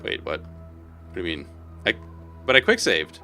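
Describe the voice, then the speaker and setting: A man's voice: low voice, wildly swooping pitch, measured pace, pushed and bright, soft background music. A man streaming a game live, reading its text aloud and reacting with exclamations.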